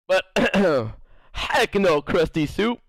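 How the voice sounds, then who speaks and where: A young man chatting casually on his game stream, rambling through animated stories and playing out the quoted lines of others. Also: high voice, a little hiss or hum, poor audio. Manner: rambling, animated storytelling, playful acted-out quotes. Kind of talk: casual live-stream chat.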